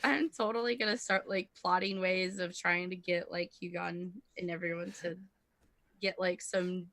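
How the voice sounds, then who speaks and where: Bright, giggly woman at the game table. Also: on the low side, fairly even intonation, normal speed, no room sound. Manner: giggly, teasing. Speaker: player. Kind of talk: tabletop role-play chat.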